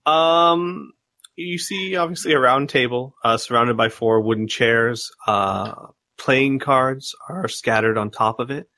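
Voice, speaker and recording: A man narrating as game master of a tabletop game, describing rooms with many pauses and fillers. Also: mid-range voice, no room sound. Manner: relaxed, describes scenes with many ums and uhs.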